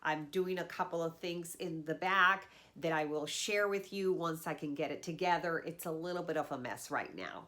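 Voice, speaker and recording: A woman's voice: on the low side, a bit bright, slight background noise. A woman in her fifties with a congested, nasal voice from a sinus cold, chatting enthusiastically as host of her luxury unboxing channel. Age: 50s. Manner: enthusiastic, chatty, drawn-out emphasis on words. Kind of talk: casual direct-to-camera chat.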